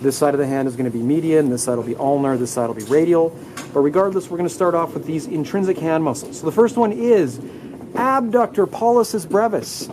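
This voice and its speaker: A man's voice: high-pitched, brisk, background noise. A man teaching anatomy in a live classroom lecture, upbeat, leading students through muscle names and asking them to repeat terms aloud. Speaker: anatomy instructor.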